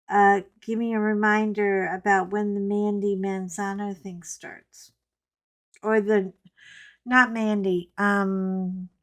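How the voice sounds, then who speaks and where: A middle-aged woman talks to her viewers at an unhurried, drawn-out pace while she works on a coloring page. She rambles from story to story with a joking aside here and there. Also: medium pitch. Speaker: coloring vlogger. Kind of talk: casual chat while coloring.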